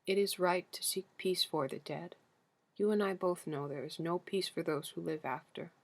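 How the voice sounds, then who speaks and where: A woman reading the part of an aged, grieving king, speaking slowly and humbly with a foreign accent. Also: lowish voice, fairly even intonation. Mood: gentle. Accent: foreign-accented speech as the figure. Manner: slow, careful pleading speech. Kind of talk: audiobook character reading.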